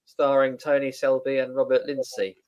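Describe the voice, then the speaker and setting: A man on a livestream panel, talking in a measured way with many pauses. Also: medium pitch, completely flat delivery, a little mellow, poor audio. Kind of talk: casual chat.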